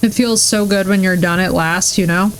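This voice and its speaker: Gushing, excitable woman streamer. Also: medium pitch, normal speed, slight background noise, poor audio. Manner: gushing, effusive and excitable, talking to chat. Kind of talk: casual live-stream chat.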